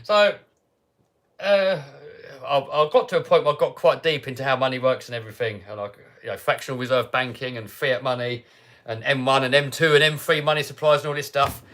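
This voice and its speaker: A British man hosting a livestream, telling a story casually and animatedly, dropping to mutters and rising to loud outbursts. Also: medium pitch, fairly quick. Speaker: livestream host.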